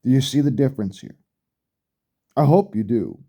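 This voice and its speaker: Very dark-voiced man on a profane rant. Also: medium pitch, expressive, normal speed, slightly rough. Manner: blunt, heavy swearing, repeats himself for emphasis. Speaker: vlogger.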